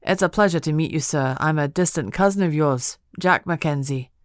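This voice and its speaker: A woman's voice: sits low, moderate pace, no echo, clean studio sound, natural voice. A woman narrator voicing a polite young husband who talks earnestly and stammers a little.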